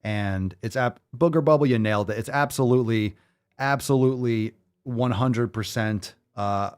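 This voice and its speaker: A man's voice: fairly low pitch, normal speed, clear, resonant tone. A man hosting a show, talking in casual, profane, rambling commentary with a sarcastic, exasperated edge. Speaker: show host. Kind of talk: livestream commentary.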